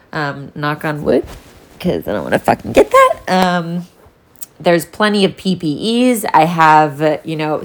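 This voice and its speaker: Low-voiced woman rambling candidly. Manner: rambling, candid, swears freely. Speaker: vlogger. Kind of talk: casual solo vlog talk.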